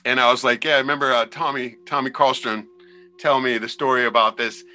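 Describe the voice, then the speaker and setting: A man, a former crab fisherman, telling wild sea stories in a loose, profane, animated way on a podcast. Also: medium pitch, a little fast. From Alaska. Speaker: podcast guest. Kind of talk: casual storytelling.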